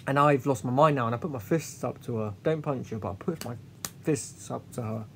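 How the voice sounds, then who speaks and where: Man, vlogger, talks in halting restarts, confessional, mid pitch, faint low rumble behind. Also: fairly bright tone. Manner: halting, with many restarts and trailing pauses; earnest and confessional. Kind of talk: candid personal storytelling.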